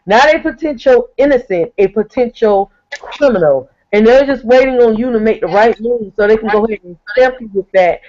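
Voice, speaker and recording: Steady, explaining man on lo-fi audio. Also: extremely high pitch, fairly quick. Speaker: panel guest. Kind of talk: online panel discussion. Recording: dull lo-fi call audio.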